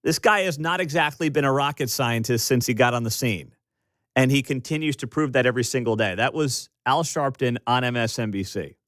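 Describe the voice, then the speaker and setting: A man's voice: mid-range voice, fairly quick, a bit bright, no room sound, studio quality. Sarcastic male radio talk host. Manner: sarcastic, incredulous. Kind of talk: opinionated radio commentary. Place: radio studio. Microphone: studio microphone.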